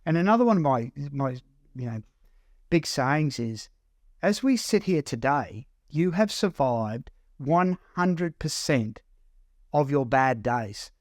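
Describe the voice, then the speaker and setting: An Australian man working as a counsellor, telling a personal story in an earnest, halting way that repeats words as he goes. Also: medium pitch, lively intonation, a little mellow, dry recording, clean studio sound. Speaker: counsellor and mentor. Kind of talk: personal story told to camera.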